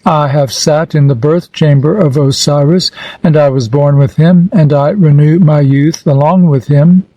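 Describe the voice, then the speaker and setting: A man reading an ancient funerary text aloud in a solemn, measured, declamatory manner. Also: on the high side, steady tone, mellow, no echo, muffled recording. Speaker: reader.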